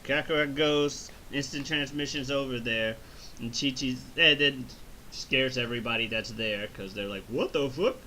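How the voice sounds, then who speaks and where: Speaking at a normal pace in a mid-range voice, this male reviewer and host walks through a film's plot in a laid-back review, swearing freely, laughing, and acting out scenes in a lively recap. A little hiss or hum sits under the audio.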